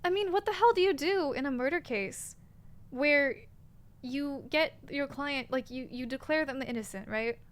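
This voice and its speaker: Woman streamer chatting over gameplay, high voice, jokey. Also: moderate pace. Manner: joking, thinking aloud. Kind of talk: casual gameplay commentary.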